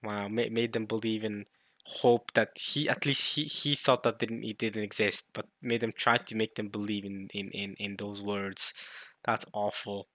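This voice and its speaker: A man casually reading a comic chapter aloud and reacting to it, excitable, with mild swearing and frequent self-corrections. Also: fairly low pitch, moderate pace, dry recording. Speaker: manga reaction YouTuber.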